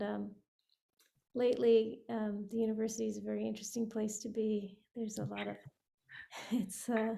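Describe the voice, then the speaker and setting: A woman sharing a personal story in a group video call, animated and often laughing. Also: fairly high pitch, gravelly. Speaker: participant.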